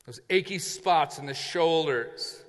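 A male pastor with a fairly high voice preaches slowly, retelling a story vividly and acting out its characters. The recording carries a long reverb, as in a large hall.

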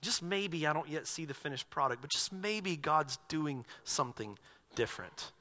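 A man preaching a sermon as pastor of his church, animated and acting out quoted voices. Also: a little high, moderate pace.

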